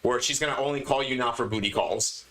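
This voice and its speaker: A man's voice: mid-range voice, fast, crowd noise. A man hosting a podcast, giving emphatic, lecturing advice in a casual monologue. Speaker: podcast host. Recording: echoey room.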